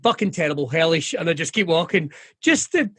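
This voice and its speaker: Scottish comic guy chatting, sweary and frank, bit high pitched, dry sound. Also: expressive, fairly quick, dry recording. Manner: sweary, jokey and candid. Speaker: comedian and radio presenter guest. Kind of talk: casual interview chat.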